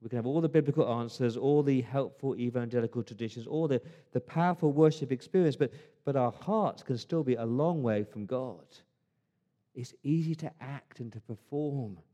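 Aussie pastor preaching, warm mellow voice, chatty but punchy, drops to quiet asides. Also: male voice, medium pitch, normal speed, highs cut off. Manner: conversational, emphatic, swings between loud stresses and hushed asides. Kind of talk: sermon.

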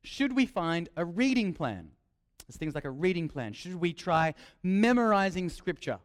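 A young man preaching a sermon, lively and joking, repeating his key phrases. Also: high-pitched, normal speed.

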